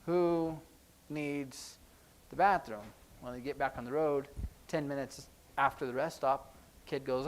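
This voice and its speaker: A man teaching a sign language class in a church classroom, explaining in a relaxed, conversational way with frequent ums. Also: medium pitch, measured pace, slight background noise. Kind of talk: classroom lesson.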